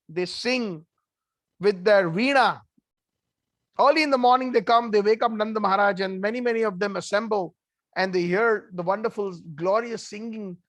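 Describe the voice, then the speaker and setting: A man giving an animated devotional storytelling talk with conversational asides. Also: high-pitched, dry recording. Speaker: devotional speaker.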